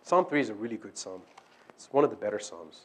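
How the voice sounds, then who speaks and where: A man preaching a sermon and praying, earnest, moving between hushed prayer and emphatic, repeated declarations. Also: lowish voice, expressive, fast, slightly rough. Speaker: pastor.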